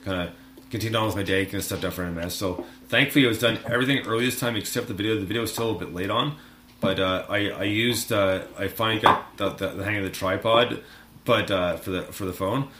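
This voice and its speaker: A man chatting on a podcast in a fairly low, bright and forceful voice. He rambles, stops and restarts, and laughs often. The sound is echoey, with a faint hum of background noise. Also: quick pace. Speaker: podcast co-host. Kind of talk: casual chat.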